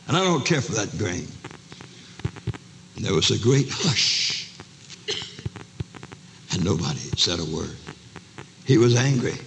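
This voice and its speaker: An older man preaching a dramatic sermon to a large camp meeting, acting out each character's voice, shouting one moment and whispering the next. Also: on the low side, very animated, slow, gravelly, long pauses. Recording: live sermon recording, long hall reverb, faint noise.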